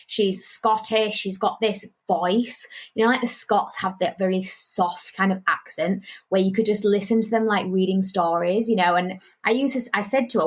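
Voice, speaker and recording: A British woman guest tells stories on a podcast in relaxed, casual chat. Her delivery is animated and conversational. Her voice sits in a middle pitch. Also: moderate pace. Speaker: podcast guest, business owner.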